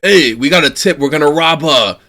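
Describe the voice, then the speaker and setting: Brash mobster guy, North Jersey accent, swaggering drawl, a bit higher than his usual voice, as a podcaster puts him on. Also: lively intonation, fairly quick, bright, forceful tone, full character voice. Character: brash Italian-American mobster man, middle-aged.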